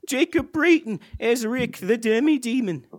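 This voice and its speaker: A man reads a podcast outro in an upbeat, announcer-like way. His pitch moves around a lot as he runs through the credits. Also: animated, moderate pace. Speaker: podcast co-host.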